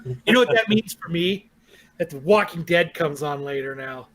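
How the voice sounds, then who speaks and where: A man's voice: fairly high pitch, lively intonation, normal speed, a bit bright. A man co-hosting a podcast, talking bluntly and swearing freely in casual chat. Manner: blunt, profane, dismissive. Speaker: podcast co-host.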